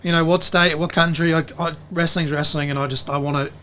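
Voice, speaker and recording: A man's voice: on the high side, fairly even intonation, fairly quick, sharp tone, a little hiss or hum. Rambling Australian man hosting a podcast. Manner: rambling, repeats himself, swears casually. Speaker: podcast co-host. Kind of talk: casual chat. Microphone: podcast mic.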